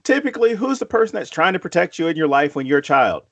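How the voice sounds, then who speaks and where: A man with a slightly raised pitch who rambles through a casual podcast chat about a horror film. He swears freely and acts out quoted lines as he goes. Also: very animated, fast talker, a bit bright, dull audio. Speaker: podcast co-host.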